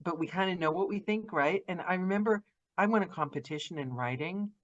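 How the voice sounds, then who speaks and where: Low-voiced effusive woman host. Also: muffled recording. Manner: enthusiastic, effusive, asks questions in quick runs. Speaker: podcast host. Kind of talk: casual interview chat.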